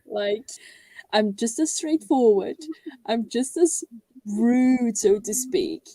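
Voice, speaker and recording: A woman's voice: fairly high pitch, animated, slow, warm tone, no echo, rough recording. A woman from the Netherlands with a Dutch accent, chatting casually and bluntly with friends on a live stream, laughing often. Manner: laughing, blunt, says "like" a lot. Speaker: booktuber live chat co-host. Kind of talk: casual chat.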